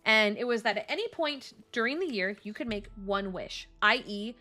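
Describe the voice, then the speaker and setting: A young woman streamer telling a story in a casual chat, animated, laughing often and swearing casually. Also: fairly high pitch, normal speed.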